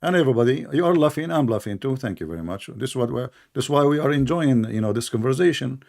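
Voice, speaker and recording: A man hosting a heated live debate, arguing sarcastically in non-native English and repeating his points slowly. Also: mid-range voice, lively intonation, creaky, darkish tone. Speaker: debate show host.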